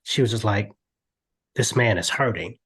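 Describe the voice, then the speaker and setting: An older man, a podcast guest, talking earnestly in a lively storytelling way with frequent restarts. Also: on the low side, moderate pace, husky. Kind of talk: candid podcast interview.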